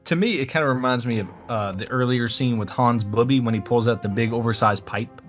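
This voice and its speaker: A man co-hosting a casual podcast, chiming in with blunt, deadpan remarks. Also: mid-range voice, fairly quick, faint music behind. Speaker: podcast co-host. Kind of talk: casual chat.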